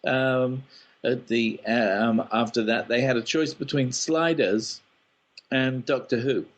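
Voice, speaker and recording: A man's voice: medium pitch, fairly even intonation, slow pace. A man, a screenwriter, answering interview questions thoughtfully with ums and restarts. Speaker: guest, screenwriter.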